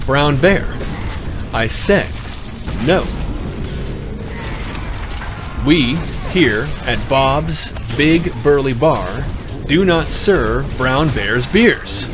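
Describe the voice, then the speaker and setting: A man voicing an unshaken bartender, calm rhythmic refusals, slow, middle pitch. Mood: firm. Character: unshaken stubborn male bartender. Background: music.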